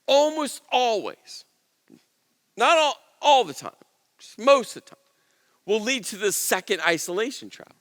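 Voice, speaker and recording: A man preaching a sermon in an earnest, conversational way, dropping to soft low asides and rising for emphasis. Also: big pitch swings, unhurried, in a large hall. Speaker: pastor.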